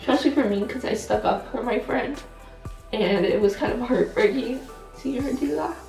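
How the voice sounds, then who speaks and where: A woman's voice: fairly high pitch, normal speed, gravelly, echoey room. Teenage girl, shy, hesitant, filler words, casual chat, distant mic, faint music behind. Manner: soft-spoken, hesitant, many fillers. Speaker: channel co-host.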